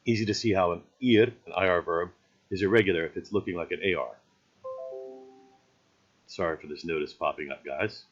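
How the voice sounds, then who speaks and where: Laid-back low-voiced male teacher. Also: moderate pace, pauses often, highs cut off, faint music behind. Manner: easygoing, explanatory, often tags "right?". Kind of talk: recorded grammar lesson.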